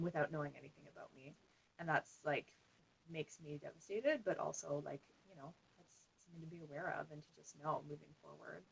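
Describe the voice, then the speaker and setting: A woman wellness coach as a podcast guest, talking in an animated way with frequent "like". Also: low voice, vocal fry, slightly rough, low-quality recording. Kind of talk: conversational podcast interview.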